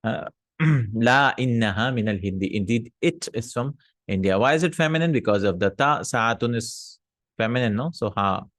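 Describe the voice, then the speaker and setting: A man teaching a recorded Arabic grammar lesson, reading example sentences aloud, translating them, and checking in with quick "hmm?" and "no?" asides. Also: medium pitch, fairly bright tone, no room sound. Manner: explanatory, checks in with frequent "hmm?" and "no?".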